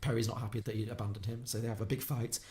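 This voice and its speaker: A man on a podcast, retelling a film plot quickly and acting out the characters' lines. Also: mid-range voice, flat delivery, mellow. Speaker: podcast co-host. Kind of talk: casual film podcast recap.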